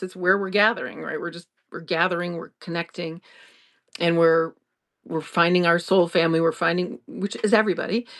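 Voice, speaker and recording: A middle-aged woman hosting an improvised solo podcast, talking in an earnest, reassuring and rambling way, often restarting her sentences. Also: on the low side. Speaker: podcast host. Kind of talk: improvised casual monologue.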